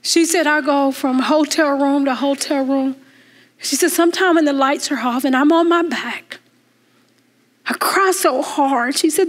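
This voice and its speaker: A woman minister preaching a sermon in a church, telling a story with emphatic rises and hushed passages. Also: sits high, unhurried. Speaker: guest minister. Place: church sanctuary.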